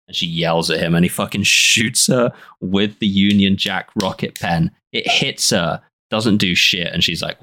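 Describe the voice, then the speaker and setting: Low, bright-toned man gushing about a scene. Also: a little slow, few pauses, no room sound. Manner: enthusiastic, laughing, emphatic. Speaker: podcast co-host. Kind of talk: casual film podcast chat.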